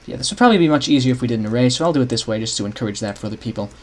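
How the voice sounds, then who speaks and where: A young man streams himself scripting a game map, talking casually, thinking aloud, restarting often and chatting with viewers. His medium-pitched voice is expressive and darkish in tone, and he speaks very fast.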